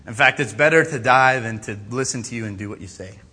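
A man's voice: medium pitch, fairly quick, pushed and bright. A man voicing a defiant, stubborn prophet. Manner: blunt and defiant, casual modern phrasing.

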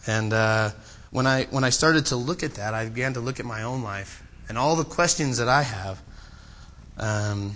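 A man preaching a sermon, swinging between loud, impassioned pleading and quiet, personal storytelling. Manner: impassioned, rising to loud pleading then dropping low and personal.

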